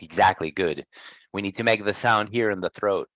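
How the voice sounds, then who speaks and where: A man's voice: lowish voice, dry recording, lo-fi sound. Patient male pronunciation teacher. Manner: patient, corrects gently and models each word slowly. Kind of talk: one-on-one lesson.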